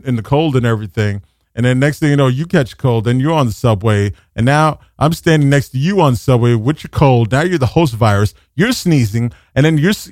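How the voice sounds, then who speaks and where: A man hosting an internet radio show from a New studio, delivering a comic rant that swings into shouted, mocking voices. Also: medium pitch, no room sound. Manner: exasperated ranting, shifts into shouted mocking voices.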